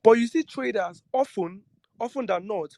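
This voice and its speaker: High-voiced man teaching trading. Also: moderate pace, vocal fry, warm tone, no echo. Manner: earnest, repeats and restarts phrases, asks the listeners questions. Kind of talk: lecture-style talk to trading students.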